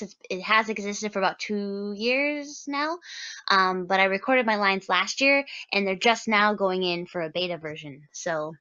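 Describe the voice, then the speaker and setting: A woman's voice: mid-range voice, pushed and bright, lo-fi sound. A woman voice actress chatting casually on a livestream, giggly and prone to stumbling over her words. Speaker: voice actress, co-host.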